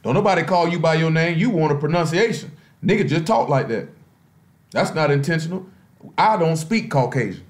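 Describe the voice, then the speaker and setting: Speaking briskly in a fairly high, expressive voice, this man preaches casually on a conference call. His delivery is streetwise and loose, full of asides, and the recording carries a roomy echo.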